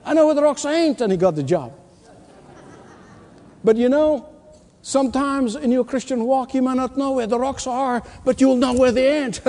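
Working a congregation, a male pastor delivers an emphatic sermon whose high, mellow voice echoes at length through a large hall. He repeats key phrases and drops to near whispers for effect, alternating between loud and hushed.

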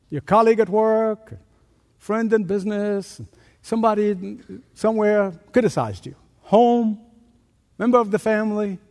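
A male pastor delivers a lively sermon in a high, very expressive voice, tossing out rhetorical questions and poking fun at himself. His words ring out with a long reverb from a large church hall. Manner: animated preaching, rhetorical questions, self-deprecating asides.

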